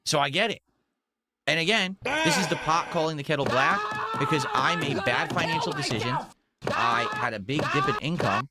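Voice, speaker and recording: A man's voice: medium pitch, sing-song, moderate pace, a crowd in the background. A man talking casually to his audience in a rambling, self-justifying way, with many fillers. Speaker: streamer in played clip.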